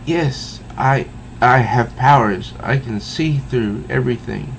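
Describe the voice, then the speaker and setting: A man's voice: medium pitch, takes it slowly, gravelly, a little hiss or hum, rough recording. A man voicing an eager, hopeful little girl, read aloud from a comic.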